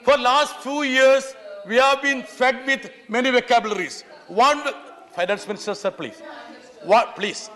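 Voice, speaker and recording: MP, very high voice, fiery floor speech with bursts of shouting, echoing chamber. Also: male voice, unhurried. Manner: impassioned, keeps pleading "sir", sometimes shouting. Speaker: member of parliament. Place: large parliament chamber. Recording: long reverb of a large chamber.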